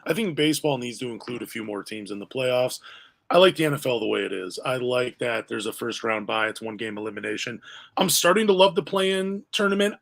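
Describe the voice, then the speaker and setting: A man's voice: medium pitch, expressive, a little fast, creaky. A man hosting a casual sports podcast, chatty and full of questions for his co-host. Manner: chatty, asks questions, self-deprecating.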